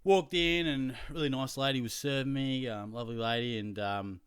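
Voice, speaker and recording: A man's voice: mid-range voice, steady tone, normal speed, smooth, no echo, clean studio sound. A young Australian man from Geelong hosting his fantasy football show, rambling casually to viewers with lots of fillers.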